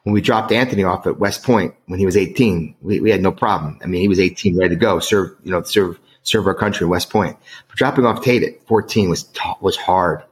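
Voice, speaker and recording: A man's voice: deep voice, a little fast. Earnest emotional man telling a story. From United States. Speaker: guest author. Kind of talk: storytelling in an interview.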